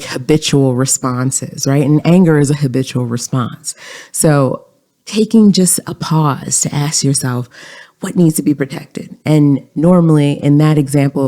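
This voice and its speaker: A podcast host giving calm, explanatory self-help advice in a coaching tone. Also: medium pitch.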